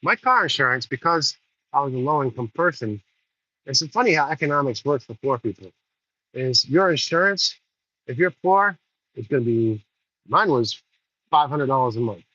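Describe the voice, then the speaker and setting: A man's voice: medium pitch, animated, normal speed, pushed and bright, no room sound. A middle-aged man telling a story in a casual vlog, angry and swearing freely, recorded outdoors. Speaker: vlogger. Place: outdoors in the rain. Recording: dull lo-fi sound.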